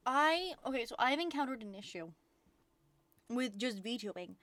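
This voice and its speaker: Brief: woman streamer, fairly high voice, excitable rambling chat, dry close mic. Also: unhurried, no echo. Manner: excitable, rambling, frequent swearing. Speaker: VTuber streamer. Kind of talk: casual livestream chat.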